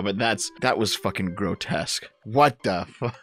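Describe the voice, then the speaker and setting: A man reacting to video clips, loud, crude and quick to exclaim. His pitch sits in a middling range. Faint music runs underneath. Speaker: commentary host.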